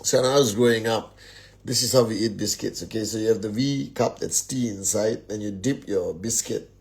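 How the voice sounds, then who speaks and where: A man's voice: fairly low pitch, moderate pace, gravelly. Upbeat man hosting a live stream. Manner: upbeat, rattles off greetings to many viewers. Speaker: host of a network marketing live stream. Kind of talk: casual live-stream greetings and motivational talk. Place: at home, indoors.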